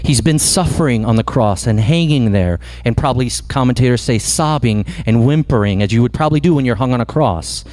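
A man preaching a sermon as pastor, impassioned, swinging from loud emphatic lines to slow hushed ones. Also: medium pitch, a little hiss or hum.

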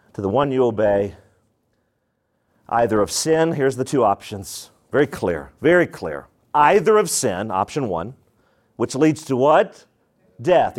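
A man's voice: medium pitch, a little mellow. A middle-aged man preaching a sermon, emphatic, asking rhetorical questions and repeating lines for stress.

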